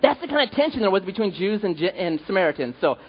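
A man's voice: high-pitched, big pitch swings, quick pace, husky. A male pastor preaching a sermon, telling stories animatedly with jokes, in an echoey hall with dull sound.

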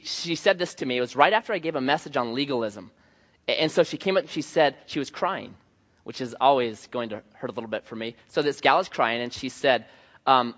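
A man preaching a sermon as pastor, telling stories in an animated way with voiced asides. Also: a little high, muffled recording.

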